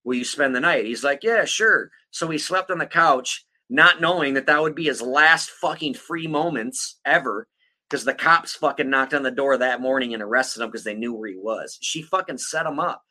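A man's voice: medium pitch, moderate pace, bright, forceful tone. A man hosting a podcast, telling a true-crime story in a casual, blunt way, swearing constantly and laughing often. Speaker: podcast host.

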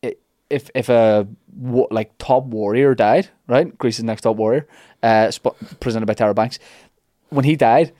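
A male podcast host retells a myth as casual comic storytelling, rambling and jokey with plenty of asides. His medium-pitched voice is mellow and unhurried, and the sound is clean studio audio without echo.

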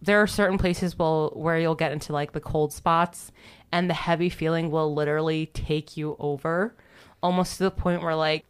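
A woman's voice: deep voice, steady tone, normal speed, clear, resonant tone. A woman casually retelling a ghost story on a podcast, rambling and saying "like" constantly. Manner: rambling, heavy use of "like", giggly. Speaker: podcast host.

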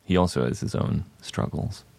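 A young man answering interview questions in a terse, flat, understated way. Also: moderate pace, dry recording. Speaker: guest. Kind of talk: casual interview chat.

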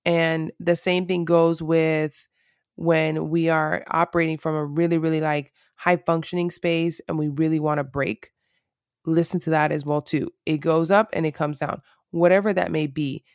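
Woman rambling earnestly to her camera, lots of um and you know, gravelly fry in her voice. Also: deep voice, little pitch movement, moderate pace, dry recording, studio quality. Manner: earnest, rambling, heavy on fillers. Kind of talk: casual reflective monologue.

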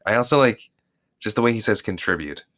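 A man co-hosting a podcast, chatting casually and playfully about a reality show and cracking jokes in a halting way. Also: fairly low pitch, lively intonation, a bit bright. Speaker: podcast co-host.

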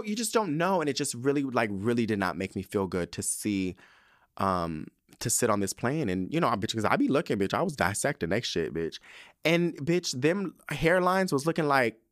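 A man's voice: medium pitch, fairly bright tone, dry recording, studio quality. A man hosting a podcast, talking in a candid, chatty way with frequent slang and profane asides. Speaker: podcast host. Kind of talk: casual chat.

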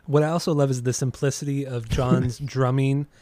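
A man with a mid-range, warm voice keeps a level tone and moderate pace, recorded without echo. Co-hosting a music podcast, he chats eagerly about an album, swearing often and trailing off before restarting.

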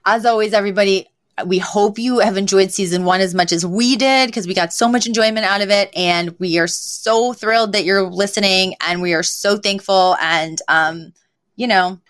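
Excitable woman podcast co-host. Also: mid-range voice, moderate pace. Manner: excitable, gushing. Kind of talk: casual chat.

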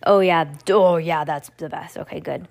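A woman's voice: low-pitched, fairly even intonation, moderate pace, creaky, darkish tone, soft background music. A woman reading a children's book aloud at home, casually stopping to comment and restart lines. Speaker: reader.

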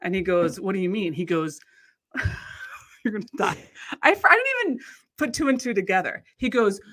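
A woman casually telling a long anecdote in conversation. She rambles with restarts and acts out the people in her story with big jumps in pitch. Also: animated, normal speed, a bit bright. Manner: rambling, many restarts and fillers.

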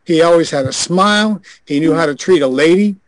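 A man's voice: a little high, a little fast, dry recording, low-quality recording. Wry older man telling a frank story. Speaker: guest, former adult film director. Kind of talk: anecdote in a group video call.

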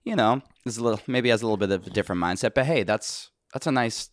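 A man's voice: on the low side, fast talker, no echo, clean studio sound. A man co-hosting a podcast, telling stories in a wry, joking way. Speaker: podcast co-host. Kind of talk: casual chat.

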